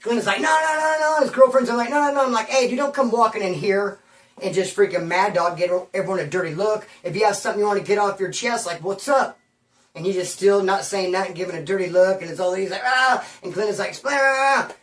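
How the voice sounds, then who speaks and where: A man's voice: sits high, fast, reverberant, far from the mic. A man telling a rambling story in heavy street slang, acting out the voices of the people in it. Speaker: storyteller recounting prison-life stories. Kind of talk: casual storytelling monologue.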